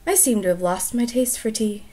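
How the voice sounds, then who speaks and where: A woman reading the part of a polite, sleepy young girl in a storybook, answering in quick, breathless replies. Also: fairly high pitch, warm tone, voice pushed up, natural voice. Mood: drowsy.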